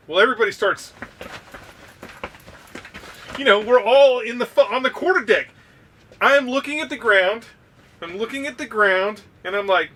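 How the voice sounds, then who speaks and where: A man co-hosting a podcast, telling a story in a loose, profane, animated way. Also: high-pitched, distant mic. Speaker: podcast co-host. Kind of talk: casual storytelling.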